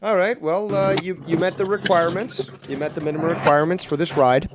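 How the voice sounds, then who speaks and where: A man hosting a casual call-in livestream, rambling and sarcastic, cursing at his software. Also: a little high, steady tone, fast. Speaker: livestream host.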